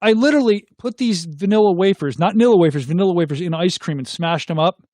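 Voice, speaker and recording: A middle-aged man hosts a casual live chat, reading viewer comments aloud and tossing questions back to his audience. His voice sits fairly high for a man. The sound is close and dry. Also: fast, warm tone, dry recording. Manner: chatty, reads comments aloud and asks viewers to weigh in.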